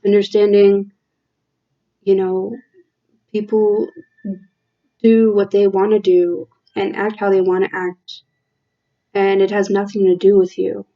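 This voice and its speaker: A woman giving a tarot reading from a room at home, talking in a slow, halting, reflective way with many fillers. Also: medium pitch, level tone, lo-fi sound. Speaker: tarot reader.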